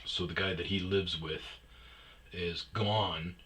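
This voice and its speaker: A man tells a rambling, profane story in a casual, offhand way. His voice sits a little low but comes across bright and forward. He jumps into loud, shouted bits whenever he acts out a scene. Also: steady tone, takes it slowly, slight background noise. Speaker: storyteller host. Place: lives on a self-storage property in Arizona.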